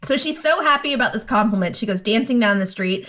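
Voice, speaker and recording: A woman's voice: a little high, lively intonation, quick pace, a bit bright. A woman co-hosting a casual podcast chat, animatedly retelling cartoon scenes and acting out the lines in quoted voices. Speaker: podcast co-host.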